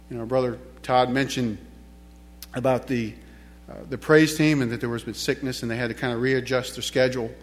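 Speaking briskly in a steady, medium-pitched voice, a male preacher delivers an emphatic church sermon. He keeps circling back to key phrases and asks his congregation rhetorical questions.

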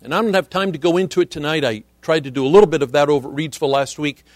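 A middle-aged man preaching a sermon as a visiting missionary, earnest and measured, often quoting scripture. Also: on the high side, no room sound, studio quality.

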